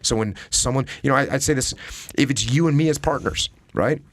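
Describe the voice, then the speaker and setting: This podcast guest has a medium-pitched, expressive voice and a brisk delivery, recorded dry. Chatting casually, he makes his points emphatically and plays out sample conversations.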